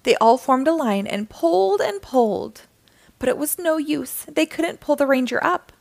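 A woman reading a children's picture book aloud in an animated, sing-song way. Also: high-pitched, moderate pace, creaky. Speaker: storyteller.

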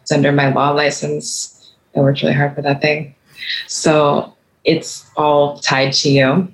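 A woman attorney talking as a podcast guest, with a low-pitched voice. She speaks frankly and casually, with plenty of fillers. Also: completely flat delivery, a little slow, low-quality recording. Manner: chatty, frank, filler-heavy. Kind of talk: casual interview chat.

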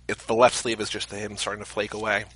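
Man, husky bright voice, dry close sound, teasing casual podcast talk. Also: on the low side, level tone, fast talker, dry recording. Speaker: podcast co-host. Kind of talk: casual chat.

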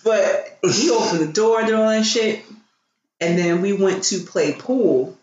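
A woman's voice: medium pitch, measured pace. A woman telling a story on a podcast in casual, profane chat, often acting out what people said. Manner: profane, animated, acts out quoted dialogue. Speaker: podcast co-host. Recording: roomy, slightly dull sound.

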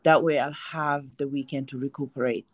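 A woman's voice: extremely low pitch, fairly even intonation, normal speed, dry recording. A woman speaking candidly and reflectively as a guest in a casual panel discussion, often restarting her sentences. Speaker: guest, breast cancer survivor and advocate.

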